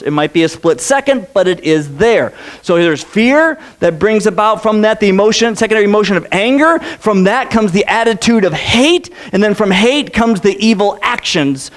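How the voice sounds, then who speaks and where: Male pastor with a very high voice, chatty repetitive sermon delivery in a church. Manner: conversational, repeats phrases and checks in with "okay". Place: church sanctuary.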